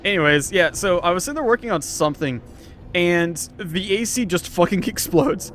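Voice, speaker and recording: A man's voice: high voice, expressive, moderate pace, a bit bright, a little hiss or hum. A young man telling a rambling story in casual chat, swearing, laughing often and full of fillers. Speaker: storyteller host.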